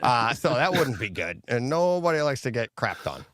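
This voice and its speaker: A middle-aged man chatting casually as a show co-host, telling a story and raising his voice as he quotes himself. His voice sits at a medium pitch. The sound is dry and close, with little room echo. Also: moderate pace. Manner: animated storyteller, quoting himself in a raised voice. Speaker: podcast co-host. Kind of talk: casual chat. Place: home theater room.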